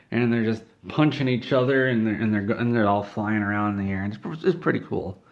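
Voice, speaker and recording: Low-voiced man telling a silly story. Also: fairly even intonation, moderate pace, highs cut off. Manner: rambling, mock-serious. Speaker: comedic storyteller. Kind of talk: deadpan comedic storytelling.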